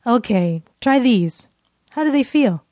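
A woman's voice: on the high side, animated, slow, warm tone, no echo, clean studio sound. A woman voicing a bossy shopping companion in a scripted dialogue, teasing and pushy.

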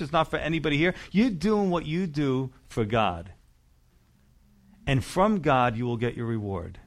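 A male pastor delivers a sermon in a church. His voice sits a bit on the high side, and he keeps the preaching conversational, leaning on rhetorical questions to draw listeners in.

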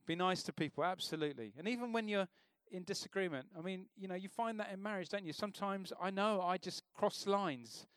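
A man's voice: high-pitched, brisk, hardly any pauses, a bit bright, clean tone, no echo, studio quality. A man preaching an informal sermon in a church, talking conversationally and asking the congregation questions.

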